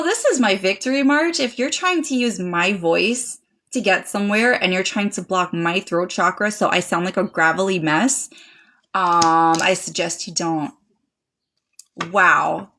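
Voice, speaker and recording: A woman's voice: medium pitch, fairly bright tone. A woman streaming a live tarot reading, chatting casually and dramatically, pouring thanks on her viewers. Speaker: livestream tarot reader.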